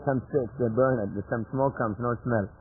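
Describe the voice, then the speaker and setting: A man's voice: mid-range voice, fairly even intonation, moderate pace, breathy edge. A man giving a devotional scripture lecture in a chatty storytelling way, chuckling at his own jokes, heard on a tinny lo-fi 1980s tape.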